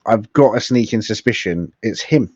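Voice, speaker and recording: A man's voice: lowish voice, expressive, normal speed, a little mellow, dry recording. Laughing man in slightly muffled, dry audio. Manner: laughs often, acts out quotes. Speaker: podcast co-host. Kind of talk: casual wrestling chat.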